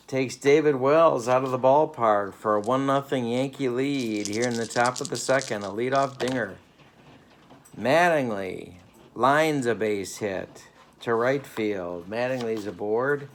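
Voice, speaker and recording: Slow-talking man calling mock play-by-play. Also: medium pitch, slight background noise. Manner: dry, playful broadcaster patter. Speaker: host playing a tabletop baseball game. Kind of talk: mock radio play-by-play commentary. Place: home living room.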